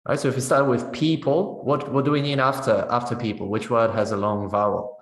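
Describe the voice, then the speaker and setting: A man's voice: mid-range voice, fairly even intonation, brisk, fairly bright tone, echoey room. A man leading a teacher-training session on pronunciation, explaining step by step and often checking in with "right?". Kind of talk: webinar teaching demonstration.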